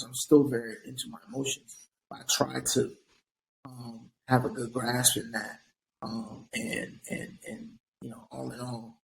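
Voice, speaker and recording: A man's voice: mid-range voice, creaky, a bit bright, poor audio. A young man, a physician guest on an interview, speaking earnestly and reflectively, often repeating words as he starts a thought. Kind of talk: earnest conversational advice.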